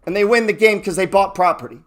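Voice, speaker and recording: A man giving a trading talk, cursing often and firing rhetorical questions, swinging between loud bursts and low murmurs. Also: fast talker. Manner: profane, emphatic, rhetorical questions. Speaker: trading educator. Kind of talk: motivational talk.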